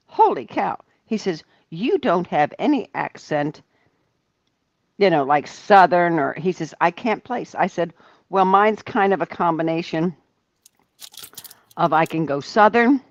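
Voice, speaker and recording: Older woman from Ohio, livestream co-host; slow, chatty, lower voice, muffled dry audio. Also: dry recording. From Ohio, USA. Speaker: livestream co-host reading chat. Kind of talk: casual livestream chat.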